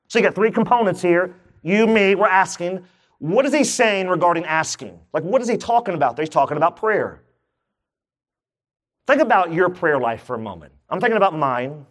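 Lively joking male pastor. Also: sits high, moderate pace. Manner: lively, jokey preaching with questions to the congregation. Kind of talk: sermon. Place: church.

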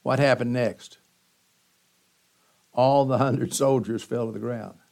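A man preaching a sermon as pastor, teaching slowly and emphatically with dramatic pauses. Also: medium pitch, steady tone, gravelly, darkish tone.

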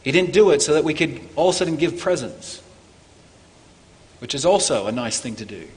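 A man preaching a Christmas sermon as pastor, earnest, climbing for emphasis and falling low and quiet on key points. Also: lively intonation, a little fast, big-room sound. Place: church.

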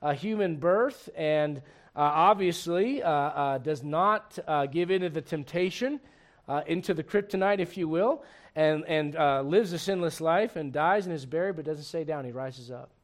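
A man preaching a sermon as pastor, lively and humorous, full of rhetorical questions to the congregation. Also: fairly high pitch, normal speed.

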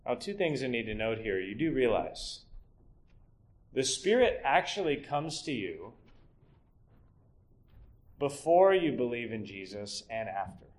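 A middle-aged man preaching an expository sermon, building into emphatic rhetorical questions and then dropping low and quiet to teach. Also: very animated, a little slow, long pauses.

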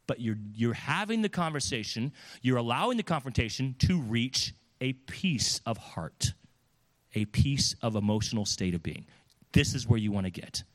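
Guy preaching a sermon, middle pitch, talks to the crowd like a chat and acts out voices. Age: adult with children. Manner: animated, acts out quoted voices.

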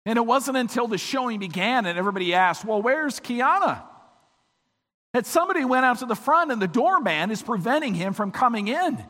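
A man with a high voice preaches in a church sanctuary, his sound trailing into a long reverb. His voice is weak this morning, yet he swings from hushed, low passages to emphatic, ringing peaks. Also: animated, quick pace, hardly any pauses. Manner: dramatic swings from quiet to emphatic. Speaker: pastor. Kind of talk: sermon.

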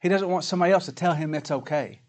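A pastor with a slightly high voice preaches a sermon in a folksy, plain-spoken style, peppering it with rhetorical questions. When he reads scripture, he goes slowly and gives it weight.

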